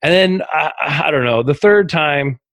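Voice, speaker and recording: A man's voice: a little high, animated, unhurried, a bit bright, no echo. A man chatting as a podcast guest, telling rambling, darkly humorous stories full of fillers and restarts. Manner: rambling storytelling with frequent fillers. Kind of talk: casual podcast conversation.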